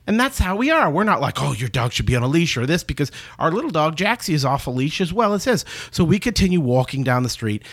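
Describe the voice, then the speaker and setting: A man's voice: fairly high pitch, fast talker, hardly any pauses. A man co-hosting a talk show, telling a story in casual chat, laughing and acting out the people in it. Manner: animated, laughing, acts out quoted people. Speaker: podcast co-host.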